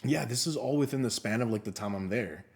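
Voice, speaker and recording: Fast-talking young man telling stories. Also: mid-range voice, creaky. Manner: animated storyteller, swears a lot, acts out quotes. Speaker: podcast co-host. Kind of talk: casual storytelling chat.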